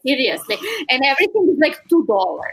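A woman's voice: high-pitched, big pitch swings, moderate pace, fairly bright tone. A woman from Serbia with a Serbian accent, a podcast guest chatting bluntly and casually, with frequent fillers. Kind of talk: casual chat.

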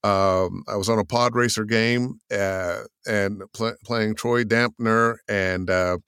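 Smooth-voiced older man telling stories. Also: on the low side, takes it slowly, few pauses, no echo, clean studio sound. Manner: animated storyteller, acts out quotes in put-on voices. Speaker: voice actor guest. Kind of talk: interview answers.

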